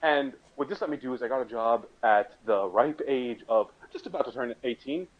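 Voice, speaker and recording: A man's voice: mid-range voice, moderate pace. Rambling young man, muffled mic. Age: young adult. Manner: rambling, joking storyteller who restarts sentences. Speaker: podcast co-host telling a story. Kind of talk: casual chat.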